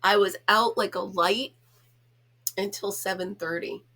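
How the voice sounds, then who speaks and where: A woman's voice: medium pitch, steady tone, measured pace, sharp tone. A middle-aged woman from the United States hosting a casual home chat vlog, talking in a chatty, giggly, self-teasing way. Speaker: host.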